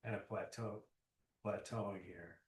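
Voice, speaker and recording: A man in a group, speaking quietly and hesitantly. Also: lowish voice, fairly even intonation, slow pace, a little hiss or hum. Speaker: group member. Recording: distant and echoey room mic.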